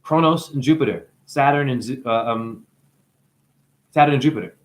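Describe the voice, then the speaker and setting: A man's voice: medium pitch, normal speed. A man giving a rambling spiritual monologue, free-associating with wordplay, swearing often and breaking into laughter. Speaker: self-styled spiritual teacher.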